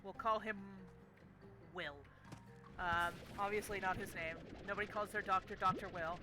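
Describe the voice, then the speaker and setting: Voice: mid-range voice, fairly even intonation, normal speed, over music, low-quality recording. A young adult game streamer telling a story casually while playing, swearing constantly in an exasperated rant.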